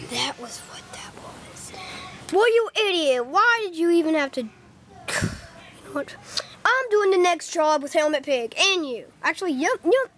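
Woman doing all the voices in a homemade skit, high and bouncy, talks slow. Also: animated, a little hiss or hum. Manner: squabbling, jumps between high and low character voices. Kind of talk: homemade fan skit, one performer voicing every role.

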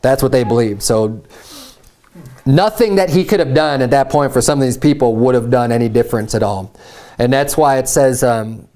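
A man's voice: mid-range voice, mellow. A man preaching a sermon as pastor, reading scripture aloud with earnest, rising emphasis.

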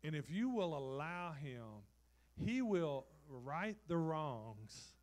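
A man preaching in a church sanctuary, his somewhat raised voice climbing into loud, dramatic bursts. He then drops to a soft, intimate tone as he speaks straight to the congregation. It is a lively, heartfelt sermon delivery. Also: a little high, takes it slowly. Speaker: pastor.

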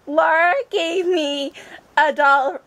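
Gushing high-voiced woman opening gifts. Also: fairly even intonation, slow pace, fairly bright tone. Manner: gushing, effusive, repeated exclamations. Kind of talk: casual unboxing chat.

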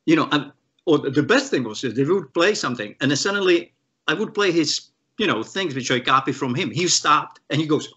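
The guest, a guitarist from the Czech Republic, tells stories with gusto during an interview, performing the voices of those he quotes amid many restarts. His slightly rough voice runs on the high side and fairly quick, captured in lo-fi sound.

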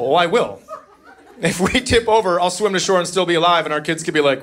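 A man in his thirties doing a stand-up comedy set on a club stage, deadpan and exasperated, jumping into shrill voices for his family. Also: fast. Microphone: handheld stage mic. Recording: live club recording with loud audience. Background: crowd laughter and room noise.

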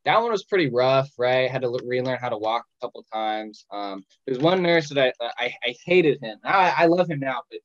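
A man's voice: medium pitch, animated, moderate pace, hardly any pauses, dry recording, muffled recording. Young man telling a joking story. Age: 20s. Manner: joking, self-mocking, quotes others in his telling. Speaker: patient sharing his story. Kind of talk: casual storytelling. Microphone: video call.

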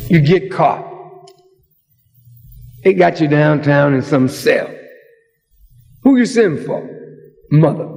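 A man delivering a sermon, preaching dramatically and rising to shouts. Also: a little high, expressive, takes it slowly, gravelly, pauses often, soft background music. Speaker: minister. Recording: long hall reverb.

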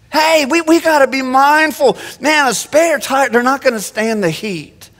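Male pastor, high pitch, animated sermon delivery, echoing sanctuary. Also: takes it slowly. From Phoenix. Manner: animated preaching with frequent restarts. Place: church sanctuary. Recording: long church-hall reverb.

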